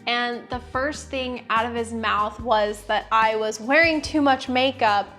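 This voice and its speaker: A young woman tells her own story straight to camera, blunt and sarcastic, with swearing slipped in. Her voice sits a little high for a woman. Soft music plays faintly underneath. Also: steady tone, a little slow. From United States. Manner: frank, sarcastic, swears freely. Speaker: vlogger. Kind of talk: candid personal storytelling.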